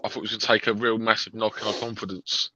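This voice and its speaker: A man's voice: lowish voice, little pitch movement, very fast, sharp tone, dry recording, muffled recording. A man giving candid reactions in a fan chat after a match, often repeating himself. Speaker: fan panel guest.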